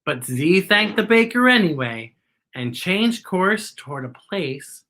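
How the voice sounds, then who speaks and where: A woman's voice: fairly low pitch, very animated, takes it slowly, fairly bright tone. A woman reading a picture book aloud to children, with chatty asides about the illustrations. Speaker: children's story reader.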